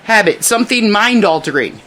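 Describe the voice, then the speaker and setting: A podcast co-host in loose, animated talk, swearing casually and trailing off mid-thought. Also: mid-range voice, brisk.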